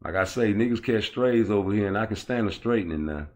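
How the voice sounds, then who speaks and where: Deep-voiced man hosting a livestream. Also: expressive, fast, a little mellow. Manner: profane, rambling, answers chat comments. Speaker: livestream host. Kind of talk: casual livestream chat.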